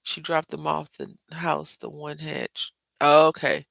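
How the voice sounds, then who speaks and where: A woman's voice: sits low, completely flat delivery, slow, vocal fry, a bit bright, no echo. A woman with a Southern Texas accent hosting a casual live craft tutorial, chatty and rambling, often addressing viewers as y'all. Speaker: craft livestream host.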